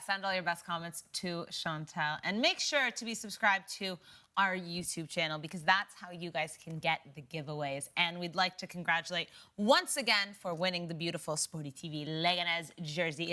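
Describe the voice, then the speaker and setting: A woman hosting a sports talk show, presenting match listings and questions in a quick, upbeat way. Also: lowish voice, lively intonation, sharp tone. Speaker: host.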